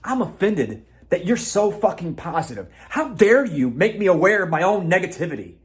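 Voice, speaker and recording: A man's voice: sits high, very animated, moderate pace. A man voicing an easily offended, indignant young man who complains in a whiny, huffy way.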